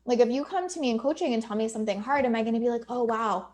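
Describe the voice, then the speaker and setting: A woman's voice: a little high, very fast, dark tone, a little hiss or hum. A woman coach talking casually to viewers on a live video, emphatic and chatty with lots of fillers, now and then swearing. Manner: acts out quoted client voices. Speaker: business coach.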